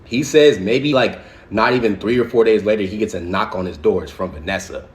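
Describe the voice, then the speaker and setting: A young man with a slightly low voice tells a casual storytime to his viewers. He talks in loose slang with plenty of swearing, fillers and quick asides to the audience. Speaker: social media storyteller.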